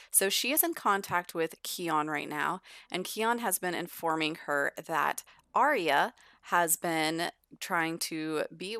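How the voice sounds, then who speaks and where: A young woman narrating a life-simulation game in a casual, chatty way, voicing the characters' lines in quick asides. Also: on the low side, fairly bright tone, no echo, clean studio sound. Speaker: gameplay narrator. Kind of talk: casual let's-play narration.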